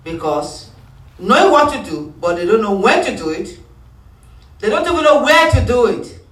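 A man's voice: sits high, sing-song, normal speed, fairly bright tone. A man preaching a sermon, emphatic and repetitive, calling for responses from the congregation. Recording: echoey hall from far off.

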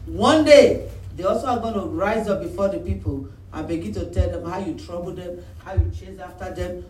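A pastor, preaching an animated sermon and acting out phone calls and voices of his church members. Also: high voice, normal speed. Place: church hall. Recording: roomy echo, mic at a distance, faint room noise.

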